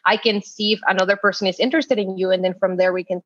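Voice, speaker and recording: A woman's voice: mid-range voice, steady tone, fast, dry recording, muffled recording. A woman in her twenties from El Paso, a guest telling a long story and acting out the voices of the people in it, laughing often. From El Paso, Texas. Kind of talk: storytelling interview.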